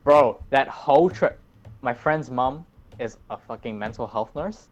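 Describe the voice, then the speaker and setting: A man's voice: mid-range voice, unhurried, highs cut off. A teenage man, co-hosting a casual podcast, blunt and joking with lots of swearing. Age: teens. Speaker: podcast co-host. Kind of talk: casual chat.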